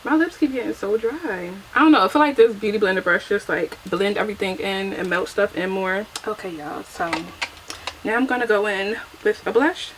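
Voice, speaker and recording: A chatty young woman talks casually while doing her makeup at home, laughing at herself as she goes. Her voice sits at an ordinary middle pitch, picked up by a camera mic with a faint hiss underneath. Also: normal speed, rough recording. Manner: chatty and self-deprecating, laughs often. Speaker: beauty vlogger. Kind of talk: casual get-ready-with-me chat.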